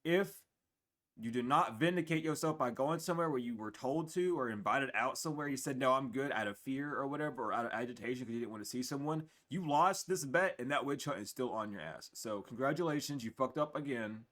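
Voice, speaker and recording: A man in his twenties reads tarot casually to camera, blunt, profane, and animated, even acting out other people's voices. He sounds tired, has the hiccups, and speaks briskly at medium pitch through a camera mic.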